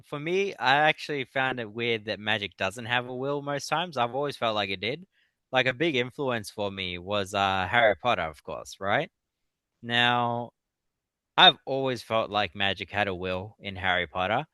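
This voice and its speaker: Bright, crisp-voiced man telling stories with laughs. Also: mid-range voice, moderate pace, no room sound. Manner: animated storyteller. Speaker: guest author. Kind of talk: casual interview chat.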